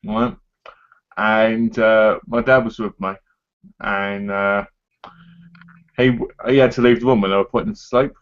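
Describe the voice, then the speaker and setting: A man's voice: fairly low pitch, expressive, a little slow, pauses often, lo-fi sound. A man co-hosting a casual chat about games, rambling and tagging his sentences with "right?" and "you know". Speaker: co-host.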